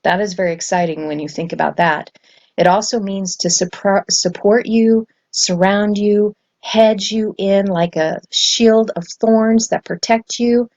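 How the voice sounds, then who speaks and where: A woman giving a spontaneous scripture lesson, earnest and excited, with frequent ums and self-corrections. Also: medium pitch, unhurried. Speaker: spiritual teacher. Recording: dull lo-fi sound.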